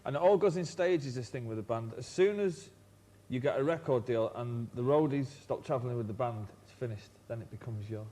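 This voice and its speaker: A man's voice: mid-range voice, brisk, few pauses, mellow. A man, a guest in an interview, telling wry, rambling anecdotes with stumbling restarts. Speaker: band member guest.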